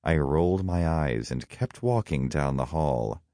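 A man's voice: rumbling low, animated, a little slow, warm tone, dry recording. A man narrating a story in the first person, with a wry, dry storytelling manner.

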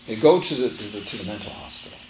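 This man's voice is fairly low and darkish, fast, with lively intonation. He's giving an emphatic spiritual teaching talk to a live audience, repeating phrases as he tells a story, in a recording with roomy echo, faint ambience, and a little hiss or hum.

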